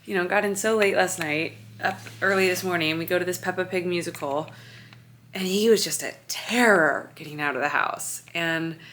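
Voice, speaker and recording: A woman's voice: fairly low pitch, moderate pace, fairly bright tone, a little hiss or hum. A woman in her thirties, a vlogger and mother, talking in a tired, emotional, rambling way at home in her apartment during a move. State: weary and overwhelmed. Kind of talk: confessional vlog chat.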